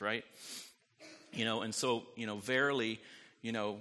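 A male pastor delivers a sermon in a bright, forceful voice that carries a long reverb through a church hall. He keeps it conversational, checking in with the congregation with "right?" and slipping in light jokes. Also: mid-range voice, fairly quick.

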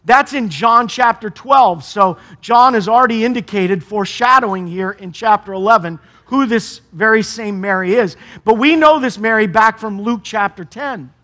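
A middle-aged pastor with a high, somewhat bright voice preaches a conversational sermon, posing rhetorical questions to his congregation.

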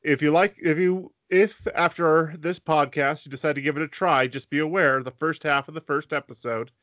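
A man's voice: on the high side, fairly even intonation, moderate pace, fairly bright tone, no echo, dull audio. A man co-hosting a podcast, explaining at length in casual chat and acting out quoted lines. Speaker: podcast co-host.

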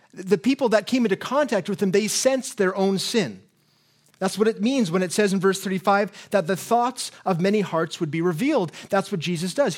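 A man preaching a sermon, telling stories and reading scripture in an animated way. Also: sits high. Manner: animated storytelling with put-on voices. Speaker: pastor.

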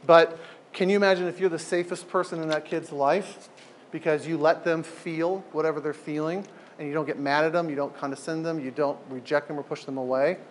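A man leading an informal group talk, animated and emphatic, often repeating phrases for effect. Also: on the high side, brisk, slight background noise.

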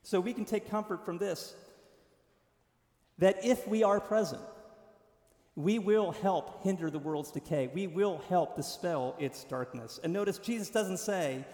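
A man with a high voice preaches from the pulpit, pressing hard on key words and then easing down to a softer tone. His sermon rings through a church sanctuary with a long, echoing reverb. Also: measured pace. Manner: emphatic preaching, rising to stressed lines then dropping soft. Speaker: pastor.

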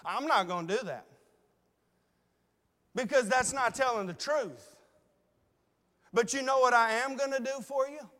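A man's voice: extremely high pitch, normal speed, pauses often, fairly bright tone, big-room sound. A man preaching who voices an honest, loyal young prince pleading on behalf of his friend, in an earnest, repetitive manner. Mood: firm. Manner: earnest, pleading, repeats himself.

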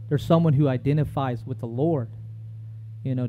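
A man's voice: medium pitch, fairly even intonation, brisk, highs cut off. A man preaching a sermon in a conversational way, reading scripture aloud between his own remarks.

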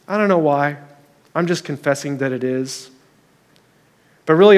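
Earnest high-voiced male pastor preaching. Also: in a large hall. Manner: earnest, conversational preaching with scripture readings. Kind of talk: sermon.

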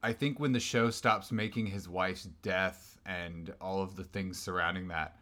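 A man with a fairly low voice co-hosts a casual podcast about a TV series. He works through his thoughts out loud, hesitating and restarting as he goes. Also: steady tone, measured pace. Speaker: podcast co-host. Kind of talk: casual TV recap chat.

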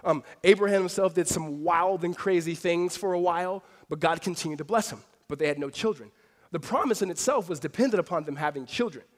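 Man, pastor, high-pitched voice, conversational sermon, lively storytelling, casual fillers. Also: a little fast. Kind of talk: expository sermon.

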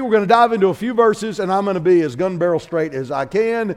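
A man delivers a sermon in church. He speaks in a high voice and tells his stories with animated character voices, his pitch climbing as the tale builds. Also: quick pace. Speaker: guest preacher. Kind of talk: sermon with a comic story.

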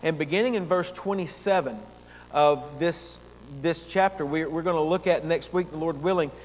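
A man with a high voice preaches an earnest expository sermon and slows down to lean on the words that matter. His voice rings with a long reverb, as in a church sanctuary. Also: slight background noise. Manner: earnest preaching, slowing down to stress key words. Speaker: pastor.

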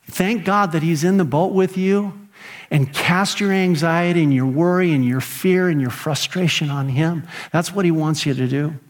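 A middle-aged man preaching a sermon as pastor, animated and earnest, acting out his own prayers and grumbling. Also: on the high side, moderate pace.

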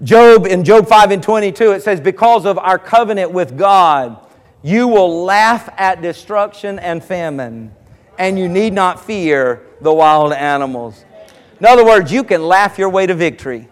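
Pastor guy preaching, super high voice, big echoey hall. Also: lively intonation, unhurried. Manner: emphatic, repetitive preaching cadence. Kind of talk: sermon. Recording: long reverb of a large hall.

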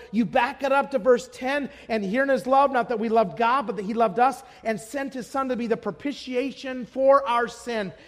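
A man's voice: extremely high pitch, in a large hall. A man from Idaho preaching a sermon, telling stories and asking the audience rhetorical questions, building to emphatic declarations.

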